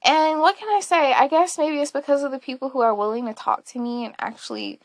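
A woman's voice: high voice, brisk, no echo. A woman hosting a casual solo podcast, talking candidly and rambling, often laughing and swearing along the way. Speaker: podcast host.

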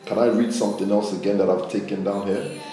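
A pastor delivers a conversational sermon, speaking directly to his people in an animated way and acting out quotes. His voice is fairly low and quick, picked up by a distant mic in a very echoey room with music playing behind him.

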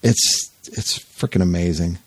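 Lively low-voiced man telling a story. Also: measured pace, breathy edge, no echo. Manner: animated storyteller, jumps up in pitch for quoted voices. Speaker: podcast host. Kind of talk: casual chat, retelling an anecdote.

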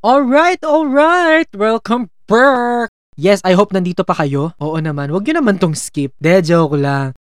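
A podcast host from the Philippines with a Filipino accent, chatting casually and playfully on a solo podcast, breaking into high, excited greetings. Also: fairly quick.

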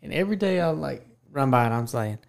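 A man telling a long story on a casual podcast, animated and quick to laugh. He speaks at an ordinary pitch and keeps the chat loose. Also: creaky.

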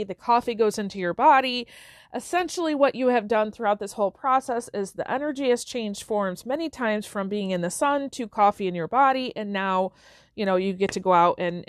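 A woman's voice: medium pitch, dry recording, clean studio sound. A woman hosting a self-help podcast, talking casually and checking in with listeners with frequent "okay?" and "right?". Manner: conversational, with everyday examples. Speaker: podcast host.

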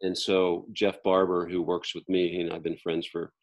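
A man leading a morning group call who answers with soft, affirming remarks and then hands out the next items. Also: low voice, level tone, moderate pace, gravelly. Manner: affirming, with soft short responses. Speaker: call leader.

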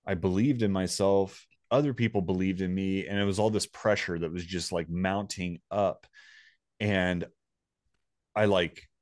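A man's voice: low voice, fairly even intonation, unhurried, darkish tone, no room sound, studio quality. A man casually telling a personal story, rambling and swearing freely.

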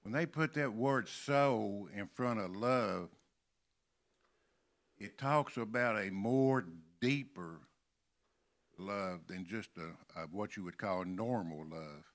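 An older man from Kentucky preaching a sermon in a church, slowly stressing and repeating key words. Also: on the low side. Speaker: pastor. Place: church sanctuary.

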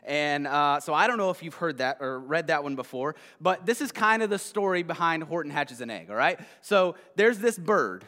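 A male pastor giving a casual sermon, retelling a children's story in a conversational way and often checking in with a quick "right?". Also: a little high, animated, sharp tone. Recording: long hall reverb.

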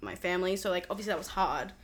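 A woman's voice: fairly low pitch, animated, rapid-fire. A young woman from Australia with an Australian accent, a guest chatting casually with lots of fillers and laughs. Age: young adult. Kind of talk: casual chat.

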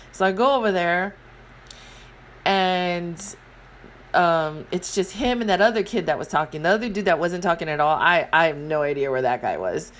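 Thirty-something woman podcaster, slightly low voice, animated, profane storytelling rant. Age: 30s. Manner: animated storytelling, acting out voices, swearing freely. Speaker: podcast host. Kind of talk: casual solo podcast rant.

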